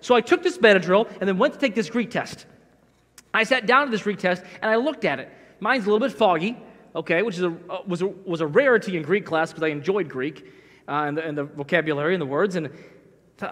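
High-voiced pastor preaching in a reverberant church. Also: male voice, fast talker, fairly bright tone. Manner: conversational, self-deprecating storytelling. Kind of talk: sermon. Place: church sanctuary. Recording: long church hall reverb.

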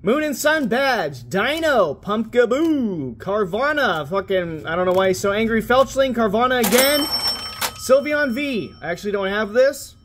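Brief: young male host, high voice, casual foul-mouthed card-opening commentary, faint background hiss. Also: big pitch swings, unhurried, a bit bright. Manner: profane, wisecracking, frustrated. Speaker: pack-opening channel host.

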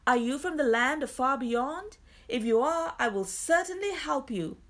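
A woman's voice: sits high, animated, moderate pace, fairly bright tone, pitched above the performer's own voice. A woman voicing a kindly, firm lantern-bearer. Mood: steady. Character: honest kindly male marsh guide with lantern.

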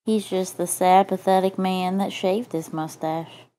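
A woman improvising a silly story from pictures, playful, crude and deadpan. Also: on the low side, measured pace.

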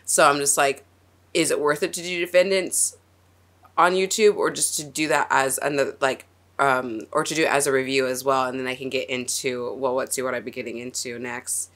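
A woman's voice: a bass voice, steady tone, a little fast, fairly bright tone. Rambling, emotional woman reviewing a show. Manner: rambling and emotional, with frequent laughs and restarts. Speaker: reaction video host. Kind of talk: casual TV reaction and review.

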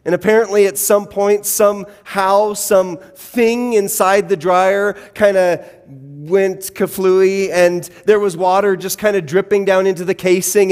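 A man with a notably high voice preaches from a church sanctuary, his words trailing off into a long hall reverb. He tells his story in a conversational, wry and self-deprecating way. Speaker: pastor. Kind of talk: sermon with personal storytelling.

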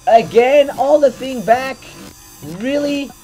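This woman's voice is high-pitched, slow and warm as she hosts a gaming video. Giving let's-play commentary into a desk mic near her keyboard, she exasperatedly tells off her character and swears, while game music plays faintly.

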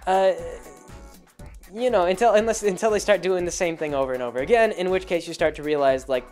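A man's voice: sits high, fairly quick, a little mellow, faint music behind. A man hosting a casual monologue, rambling through an explanation with many fillers and restarts. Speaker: host.

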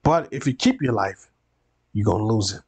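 A man's voice: on the low side, lively intonation, normal speed, a little mellow, slightly rough. Man preaching a Bible study. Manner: repeats phrases for emphasis, preacherly. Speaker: pastor.

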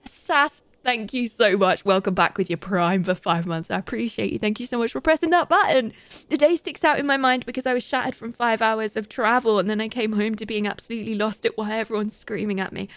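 A woman's voice: fairly high pitch, a little fast, hardly any pauses, no echo. A young woman giving chatty, giggly live commentary as she plays a game and thanks her viewers. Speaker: live streamer.

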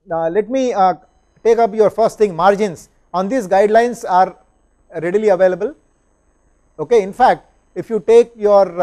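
A man's voice: high voice, dark tone. A man, lecturing and answering questions, explaining step by step and often checking understanding with "right?" and "okay?".

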